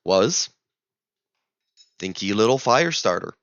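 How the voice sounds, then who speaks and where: A man telling a travel story in a casual vlog, animated and exasperated. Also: on the low side, slow, smooth, no echo, muffled recording. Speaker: vlogger.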